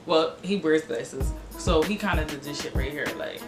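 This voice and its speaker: A woman's voice: sits low, moderate pace. A young woman telling a dramatic personal story as a vlogger, acting out the voices of the people in it. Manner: animated, dramatic storytelling with cursing and acted-out quotes. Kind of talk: storytime vlog. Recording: echoey room with music behind.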